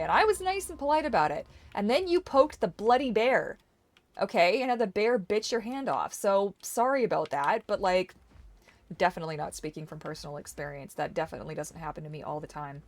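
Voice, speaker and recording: A young woman with a lowish voice streams a game with casual commentary. She's chatty, swears freely and exclaims loudly at what happens on screen.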